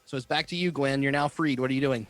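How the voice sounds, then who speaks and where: A man's voice: mid-range voice, fast, a bit bright, dry recording, faint music behind. A man running a tabletop game as game master, narrating the action with frequent fillers. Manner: descriptive, filler-heavy narration.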